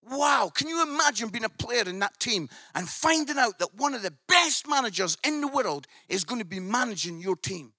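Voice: medium pitch, animated, moderate pace, hardly any pauses, pushed and bright, dry recording, studio quality. A preacher telling a story in a sermon, swelling into emphatic outbursts.

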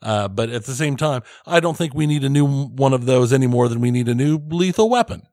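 A man's voice: mid-range voice, animated, fairly quick, dark tone, no echo, clean studio sound. A man co-hosting a podcast in casual chat, starting over and repeating his words, laughing often. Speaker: podcast co-host.

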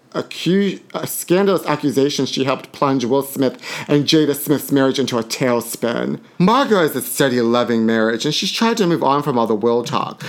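A man hosting a podcast, reading celebrity gossip aloud with sassy asides. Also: mid-range voice. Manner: reads tabloid items aloud with sassy asides and giggles. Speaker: podcast host. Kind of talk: campy gossip commentary.

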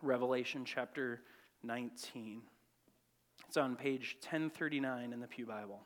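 A male pastor preaching in a church sanctuary, his voice ringing with a long reverb. He reads scripture with swelling emphasis, then sinks to a quiet, reflective tone. His pitch sits in the middle range for a man. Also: steady tone, normal speed. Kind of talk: sermon.

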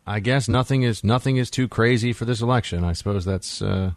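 A man's voice: medium pitch, brisk, no echo. A man hosting a talk radio show, chatting casually and giving his opinions, often restarting his sentences. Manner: conversational, frequent restarts, opinionated. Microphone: studio microphone.

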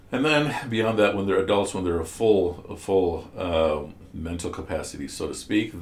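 A rumbling low male voice carries through an echoey room with slight background noise. He is teaching scripture to a class, laying out ideas step by step, putting questions to the students, and often starting over mid-thought.

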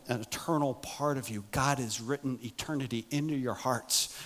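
A middle-aged man preaching a sermon, emphatic, moving between loud raised passages and quiet low asides. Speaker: pastor.

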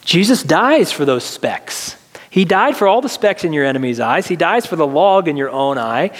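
A male pastor giving an earnest sermon, slowing down to stress key phrases before leading a prayer. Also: a little high, lively intonation. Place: church sanctuary. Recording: long reverb of a large hall, faint music.

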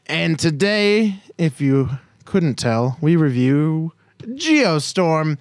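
A man's voice: on the high side, big pitch swings, very slow, clear, resonant tone, no echo, clean studio sound. A young man co-hosting a casual movie review podcast, rambling, profane and self-mocking. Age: young adult. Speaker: podcast co-host.

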